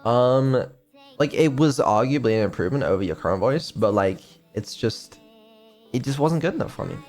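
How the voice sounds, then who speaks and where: A man's voice: medium pitch, lively intonation, moderate pace, darkish tone. Guy on stream rambling, um-heavy, swears casually, faint music behind. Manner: rambling, offhand and swearing, lots of ums. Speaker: streamer and developer.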